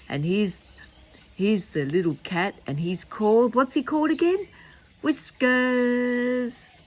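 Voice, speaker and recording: Gentle older woman reading to kids. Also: on the low side, a little hiss or hum. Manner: gentle, coaxing, talks to children. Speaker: storyteller for children. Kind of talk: reading a children's book aloud. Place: home, birds outside.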